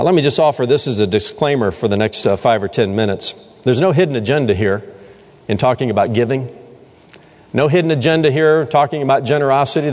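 In a church sanctuary with a long hall reverb, a middle-aged pastor preaches emphatically, putting rhetorical questions to the congregation. His voice is mid-range with a darkish tone.

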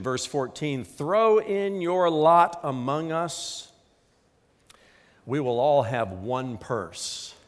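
A man's voice: fairly high pitch, big-room sound. A middle-aged man preaching a sermon as a pastor, emphatic and acting out quotes.

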